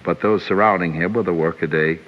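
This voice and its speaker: An older male actor reminiscing in an interview, rambling and hesitant with many pauses. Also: deep voice. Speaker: actor guest. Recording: dull radio recording with faint hiss.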